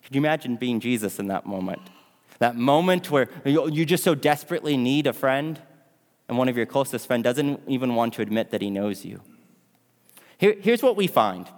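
A male pastor tells a story during a sermon, dramatically posing questions to his audience along the way. His medium-pitched voice has lively intonation and a moderate pace, and a long hall reverb trails his words.

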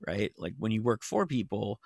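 Very animated and creaky, a fairly low male voice tells stories at a normal pace. The speaker is a middle-aged TV writer and novelist chatting casually, rambling with plenty of "like" and a curse here and there. It's a studio-quality recording with no room sound.

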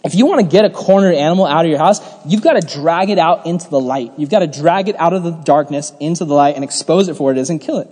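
Chatty, high-voiced young youth pastor in a hall. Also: male voice, expressive, fast talker, hardly any pauses, a little mellow, husky. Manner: chatty, jokey, lots of "like", laughs while telling stories. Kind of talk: casual youth sermon.

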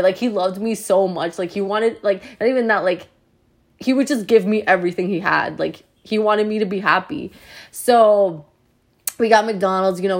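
Young woman, from New Jersey, storytime vlog, chatty, animated, lots of "like", mid pitch. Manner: chatty, animated, heavy use of "like". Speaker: vlogger.

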